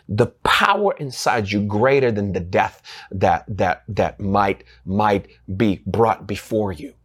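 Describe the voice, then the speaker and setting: A man preaching a sermon, halting with frequent restarts and fillers, growing more emphatic and rising in pitch as he presses his points. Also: animated, breathy edge.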